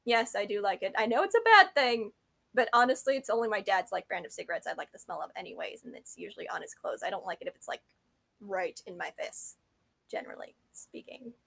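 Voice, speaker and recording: A woman's voice: medium pitch, animated, brisk, vocal fry, a bit bright. A young adult woman telling a rambling, self-deprecating story to camera, often correcting herself mid-sentence. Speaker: vlogger.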